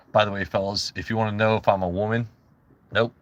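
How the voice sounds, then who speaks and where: A man's voice: on the low side, level tone, fairly quick, a bit bright, highs cut off. A man hosting a casual livestream, rambling and joking with his chat in loose asides. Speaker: livestream host.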